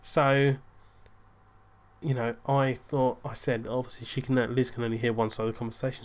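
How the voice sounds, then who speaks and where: A young man tells a casual anecdote in a medium-pitched voice at normal speed. He rambles, interrupts and corrects himself, and livens up whenever he quotes his own words.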